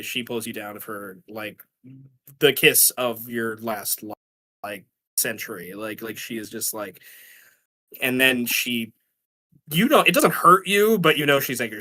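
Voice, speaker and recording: Man, game master, bright voice, mid pitch, casual rambling narration, lots of fillers. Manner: rambling, full of fillers and restarts.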